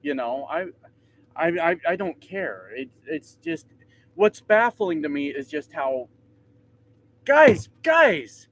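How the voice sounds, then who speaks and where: Man, 30s, lively swooping voice, casual cussing rant, self-mocking, talking from a truck. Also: on the high side, measured pace. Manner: profane, animated ranting, self-mocking. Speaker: trucker vlogger. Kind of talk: casual ranting vlog. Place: inside a truck cab.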